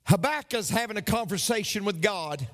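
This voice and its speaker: A man's voice: high-pitched, expressive, moderate pace, fairly bright tone, long reverb tail. A man preaching a sermon as a pastor, speaking emphatically and repeating key phrases for weight.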